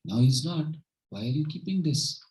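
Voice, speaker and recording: A man's voice: a little high, lively intonation, normal speed, darkish tone, poor audio. A man leading a home gathering, giving an informal devotional talk with stories in an earnest manner and often checking in with his listeners.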